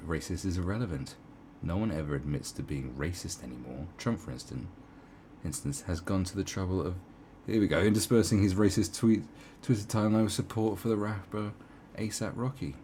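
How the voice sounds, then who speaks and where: A man's voice: low voice, a little fast, darkish tone, slight background noise. A man giving sarcastic, profane commentary as he reads an article aloud, with mocking asides. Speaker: online commentator.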